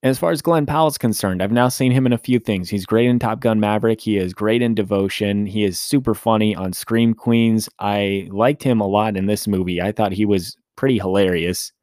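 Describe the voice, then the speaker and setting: A man's voice: lowish voice, a little fast, few pauses, darkish tone, no echo, studio quality. A man hosting a solo movie podcast, talking casually and rambling as he corrects himself. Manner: chatty, rambling, self-correcting. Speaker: movie review podcast host.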